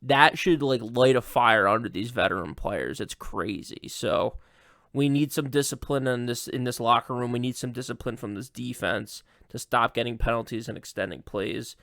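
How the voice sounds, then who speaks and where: A man's voice: mid-range voice, moderate pace, fairly bright tone, no room sound, clean studio sound. A man, a video producer, giving an earnest, emphatic recap on a sports podcast.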